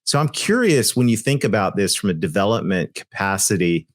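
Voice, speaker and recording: A man's voice: lowish voice, very animated, fairly quick, no echo, studio quality. A man co-hosting a podcast, talking earnestly and emphatically with loose asides. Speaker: podcast co-host. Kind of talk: conversational podcast discussion.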